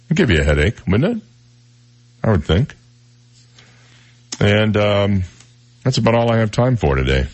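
Deep-voiced radio host, wry and chatty. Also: male voice. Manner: wry asides, reads stories then jokes about them. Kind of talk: casual news-of-the-day monologue.

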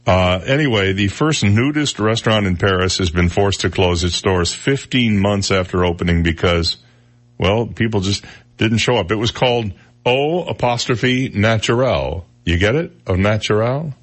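A man hosting a casual radio talk show, telling odd news stories with jokey asides. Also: on the low side. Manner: chatty storyteller, jokey asides, quick impressions. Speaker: radio host.

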